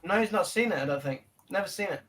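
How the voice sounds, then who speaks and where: A man's voice: high voice, animated, fast, a bit bright. A man co-hosting a casual livestream, reading out comments in a jokey, teasing way. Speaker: co-host reading chat comments. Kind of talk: casual banter.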